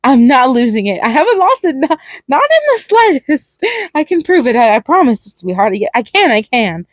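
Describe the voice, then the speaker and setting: A woman reading aloud as a volatile male killer clown from a fan fiction story. He stammers, clings and pleads, then slips into manic giggling. The voice sits fairly high and sounds close and dry. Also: sing-song, moderate pace, no echo. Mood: unhinged, clingy.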